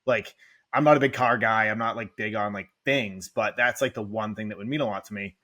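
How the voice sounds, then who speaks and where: Bright-voiced man, emotional rambling storyteller. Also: on the low side, brisk. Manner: rambling, heavy "like" filler, emotional. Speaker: real estate investor guest. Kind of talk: candid podcast storytelling.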